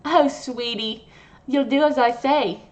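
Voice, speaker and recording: A woman's voice: sits high, slow pace, dull audio, pitched above the performer's own voice. A woman doing a sugary, obsessive young nurse. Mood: possessive. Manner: sugary, coaxing, possessive. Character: sweetly menacing obsessive young female nurse.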